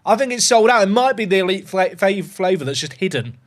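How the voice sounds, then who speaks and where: A man chatting casually on a gaming livestream, excitable and rambling. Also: high voice, a little fast.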